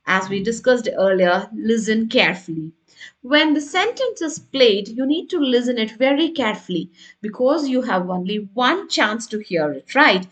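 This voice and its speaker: A woman's voice: a little high, fairly bright tone. A woman teaching an online exam prep lesson, explaining step by step and checking in with her listeners. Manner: explanatory, checks in with "right?" and "got it?".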